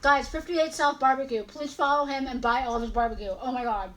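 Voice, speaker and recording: A woman's voice: sits high, fairly even intonation, a little fast, a bit bright, poor audio. A woman in her forties hosting a casual live-stream sale of collectibles, chatty and rambling, often correcting herself mid-sentence. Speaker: host selling collectibles.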